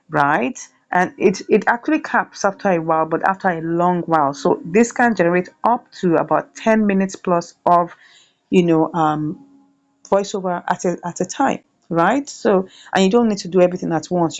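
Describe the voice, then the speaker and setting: A woman's voice: fairly low pitch, a little mellow, lo-fi sound. A woman hosting a chatty screen-share tutorial, often checking in with "right?". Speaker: YouTube tutorial host.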